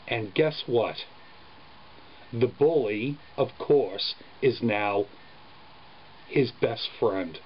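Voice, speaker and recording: A man, a father, telling a story about his son in a casual vlog, speaking in an earnest, halting way. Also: medium pitch. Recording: dull lo-fi sound with faint background noise.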